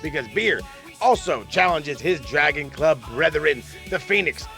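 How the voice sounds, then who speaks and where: A man hosting a comic wrestling podcast with a bright, gravelly voice that sits on the high side. His delivery is playful and hammy. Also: lively intonation, measured pace, faint music behind. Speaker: podcast host.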